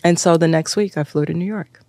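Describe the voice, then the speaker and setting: A woman in her fifties, a podcast guest telling her story in a lively, casual way and acting out what other people said. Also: fairly low pitch, a little fast, dry recording. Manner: animated, acts out other people's lines.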